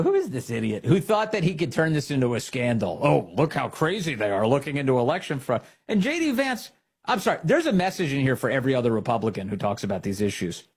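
Man, political commentary host, sarcastic, husky, swooping delivery. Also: a little high. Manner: animated, sarcastic.

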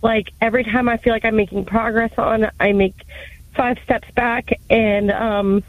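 A woman's voice: fairly high pitch, fairly even intonation, normal speed, dry recording, phone-quality sound. Woman caller, 30s, unsure and emotional, dry close sound. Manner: hesitant, emotional, many fillers. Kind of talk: call-in radio question.

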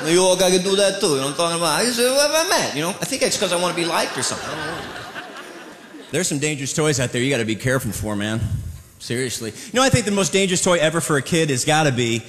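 A man from the American Midwest doing a stand-up comedy routine in a club, animated and mimicking voices. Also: fairly high pitch, very fast. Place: comedy club with live audience. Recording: echoey live club recording with noise.

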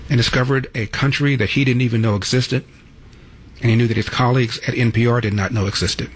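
A man's voice: medium pitch, steady tone, quick pace, slight background noise. A man in his seventies hosting a radio call-in show, telling stories in a chatty, conversational way. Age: 70s. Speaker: radio talk show host.

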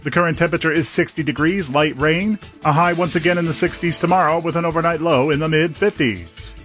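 A man reading a scripted traffic and weather report on the radio in a brisk, even way. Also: fairly high pitch. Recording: radio studio read over music bed.

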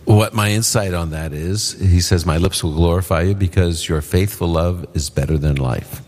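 Deep-voiced man teaching Bible on radio. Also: normal speed, a little mellow, big-room sound. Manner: plain-spoken, explains with simple paraphrase. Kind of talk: live call-in radio Q&A. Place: live event with audience.

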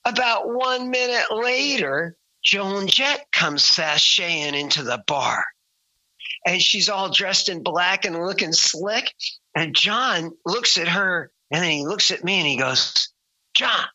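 A man with a very bright, sharp voice tells an anecdote with gusto and slips into the voices of the people in it. The sound is dry and close, with no room around it, and the recording is a little dull and lo-fi. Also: high-pitched, takes it slowly, dry recording. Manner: lively storyteller who acts out quoted voices. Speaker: musician and author. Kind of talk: telling an anecdote.

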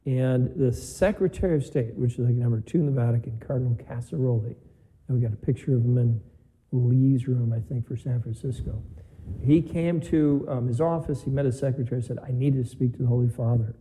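A man's voice: medium pitch, brisk, mellow, rough recording. A man preaching a homily in a chapel, telling stories conversationally and quoting dialogue. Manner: conversational storytelling with quoted dialogue. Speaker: priest.

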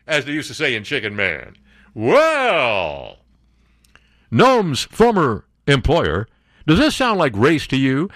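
A man's voice: a little high, no room sound, studio quality. A man hosting a talk radio show, delivering an opinionated monologue in a sarcastic, incredulous way.

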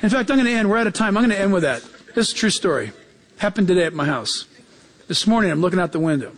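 High-voiced, animated male preacher. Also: racing, long reverb tail, a faint crowd. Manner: animated storytelling, acts out quotes with jumps in pitch; emphatic, repeats key phrases. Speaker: pastor. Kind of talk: sermon.

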